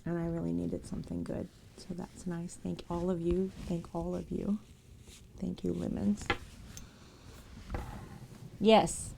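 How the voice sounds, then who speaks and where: A woman's voice: fairly low pitch, creaky, dark tone, a little hiss or hum. A woman live streamer chatting casually with her viewers, emotional and sentimental.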